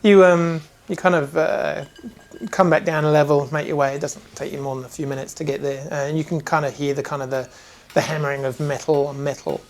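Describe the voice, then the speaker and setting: Man, game master, gravelly voice, hesitant narration, lots of fillers. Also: on the high side, little pitch movement, brisk. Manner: hesitant, full of ums and kind-ofs.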